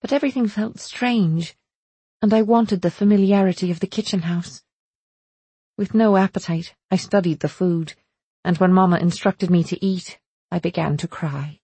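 A woman reading a first-person story as an audiobook narrator, steady and measured. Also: on the low side, husky, no room sound.

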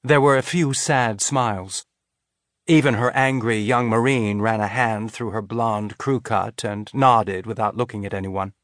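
A man reading an audiobook in an even, measured narration. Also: lowish voice, no echo, studio quality. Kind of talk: scripted narration.

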